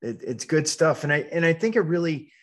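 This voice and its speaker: A man's voice: a little high, lively intonation, a little fast. A man hosting a casual podcast chat, speaking in a reflective, hesitant way with many restarts.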